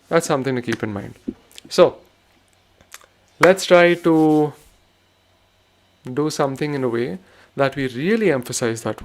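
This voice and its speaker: A man giving a spoken music lesson, patiently explaining rhythm cycles and chanting rhythm syllables aloud. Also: medium pitch. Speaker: rhythm teacher.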